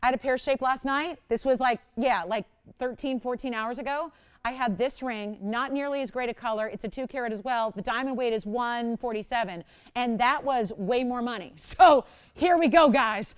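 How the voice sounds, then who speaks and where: A middle-aged woman hosts live jewelry sales from a TV studio, her voice smooth and a little high. She rattles on chattily, pokes fun at herself and breaks into laughs between pitches. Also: normal speed. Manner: chatty, self-mocking, laughs often. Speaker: jewelry shopping host. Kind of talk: live shopping presentation. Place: TV shopping studio.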